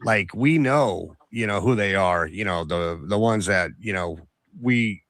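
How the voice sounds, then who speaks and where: A man's voice: lowish voice, a little slow, fairly bright tone, no echo. A man in casual chat, rambling with many "you know"s as he tells of working games.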